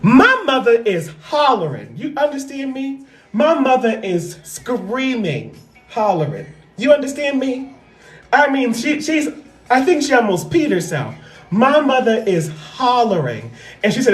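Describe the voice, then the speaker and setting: A woman with a high voice tells a story casually on a livestream, her pitch jumping all over as she gets animated. She repeats lines for punch and curses without holding back. The sound is roomy, with echo around the voice. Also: measured pace. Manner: animated, repeats phrases for effect, swears freely. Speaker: livestream host.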